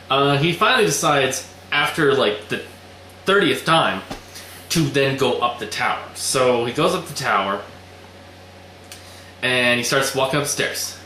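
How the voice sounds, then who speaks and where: A man's voice: medium pitch, expressive, measured pace, bright, forceful tone. A young man casually retelling a story in a loose, rambling way, swearing often and acting out the lines. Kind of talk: casual recap chat. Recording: roomy echoey room with faint noise.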